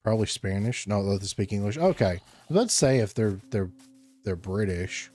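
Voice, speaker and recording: A man streaming a block-building game, chatting casually with his chat in a laid-back, rambling way and thinking aloud between pauses. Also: on the low side, lively intonation, warm tone. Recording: faint music underneath.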